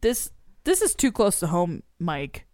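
Lively woman, blunt and profane. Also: lowish voice, unhurried. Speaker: podcast co-host. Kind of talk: casual chat.

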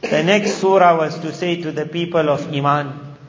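High-voiced man preaching in hall. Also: moderate pace. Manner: emphatic, repeats key phrases, interleaves Arabic recitation with English explanation. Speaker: Islamic preacher. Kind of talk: sermon on Quran verses. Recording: echoey hall, muffled sound.

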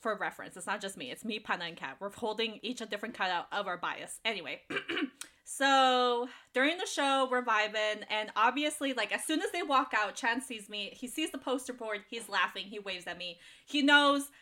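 A woman's voice: fairly high pitch, moderate pace. A young woman telling a story in casual chat with friends, giggly and full of fillers. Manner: giggly, animated, lots of fillers.

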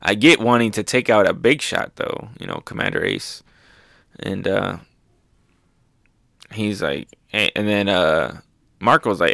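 A young man casually recapping manga chapters, excited and loose, with lots of fillers. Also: on the low side, measured pace, gravelly, pauses often, no echo, clean studio sound. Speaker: manga reviewer.

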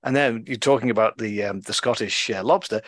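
Husky low-voiced podcast co-host. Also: male voice, a little fast, no echo. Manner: excitable, chuckling, rattles off names. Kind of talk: casual podcast chat.

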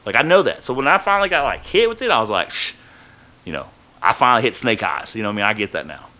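A man's voice: lowish voice, big pitch swings, quick pace, pushed and bright. A man casually telling a rambling, profane story from his own life on a podcast, full of fillers.

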